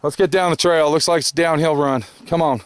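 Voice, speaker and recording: A man's voice: a little high, steady tone, fairly quick, clear, resonant tone, no room sound. A man vlogging a long hike outdoors, tired, grumbling, cursing constantly and sighing heavily, recorded on a handheld camera. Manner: profane, grumbling, frequent heavy sighs. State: tired and weary. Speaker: hiker filming his trek. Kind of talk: casual vlog narration. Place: outdoors on a canyon trail.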